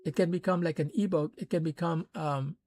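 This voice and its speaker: A man's voice: fairly high pitch, fairly even intonation, a little fast, a little mellow. A man casually explaining steps of building a course, talking conversationally with fillers and rising into emphatic bursts. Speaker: course creator teaching online. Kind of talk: casual instructional talk.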